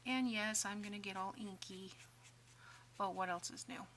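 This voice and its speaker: A woman hosting a casual crafting tutorial, chatting and joking at herself, dropping to soft mutters while she works. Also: mid-range voice, fairly even intonation, moderate pace, a little hiss or hum. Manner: chatty, self-deprecating, mutters softly while working.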